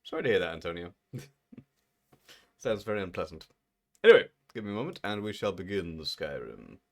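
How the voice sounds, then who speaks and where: A man in his thirties hosting a live game stream, chatting playfully and laughing often. His voice sits low, and he talks with a lot of swing in his pitch. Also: very animated, a little fast, vocal fry. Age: 30s. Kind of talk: casual live-stream chat while gaming.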